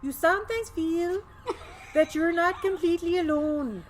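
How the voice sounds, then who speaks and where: A woman putting on a mock Swedish accent to voice a cheerful elderly queen, reading her quotes loud and drawn-out. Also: very high voice, noisy background, pitched above the performer's own voice. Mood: confiding. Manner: loud, drawn-out, sing-song. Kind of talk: comic read-aloud impression.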